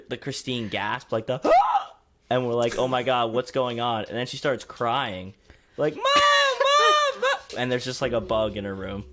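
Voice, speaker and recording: A man's voice: mid-range voice, background noise. A man who is a guest on a podcast, telling playful teasing stories about his sister in casual chat. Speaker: guest, a host's brother.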